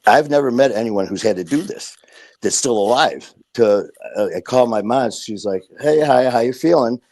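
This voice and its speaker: A man's voice: lowish voice, moderate pace, a little mellow. A man as a podcast guest, telling his story casually and bluntly, swearing and acting out what people said. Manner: blunt, profane, acts out quoted dialogue.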